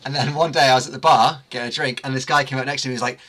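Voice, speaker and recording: Bright-toned English man hosting a band stream, teasing, brisk storyteller. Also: mid-range voice, steady tone. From England. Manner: upbeat, teasing, quick anecdotes. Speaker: livestream host. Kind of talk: casual chat.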